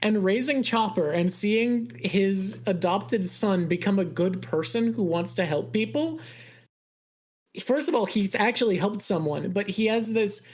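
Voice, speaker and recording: A woman's voice: medium pitch, measured pace, darkish tone. A woman hosting a podcast in casual chat, explaining a story thoughtfully with a playful, teasing edge. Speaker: podcast host.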